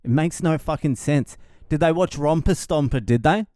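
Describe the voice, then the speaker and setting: A man rambles through a casual podcast monologue, sardonic and heavy on swearing. His voice is smooth and resonant, recorded close and dry with no room sound. He often chuckles at his own jokes. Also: a little high, moderate pace, darkish tone, dry recording. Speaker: podcast host.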